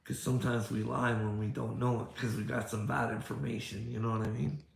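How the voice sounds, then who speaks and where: A video creator delivers a combative rant at a critic, swearing a lot, firing rhetorical questions and repeating "bud" and "you know what I mean." His mid-range voice is level and fairly quick, with vocal fry and reverb.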